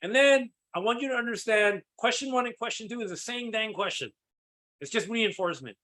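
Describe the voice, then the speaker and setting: A man leading a live sales coaching session, energetic and checking in with his listeners as he acts out sample calls. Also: high-pitched, brisk. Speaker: sales team trainer.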